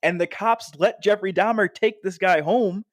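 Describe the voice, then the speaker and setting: A man co-hosting a podcast in casual chat, animated and quick to swear and laugh. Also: high-pitched, no room sound, studio quality. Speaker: podcast co-host.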